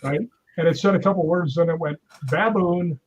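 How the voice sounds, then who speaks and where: A man's voice: on the high side, quick pace, highs cut off, slight background noise. A man telling stories in casual chat on a live stream, acting out the voices he quotes. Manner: animated storyteller, acts out quoted voices. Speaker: guest.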